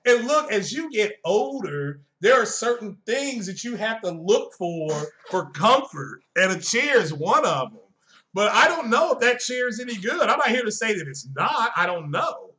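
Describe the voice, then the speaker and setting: A middle-aged man hosts a casual live stream, talking in a high voice. His tone is bright and forceful as he rants bluntly and swears freely, chuckling at his own jokes. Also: big pitch swings, normal speed. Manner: blunt, profane and joking, chuckles often.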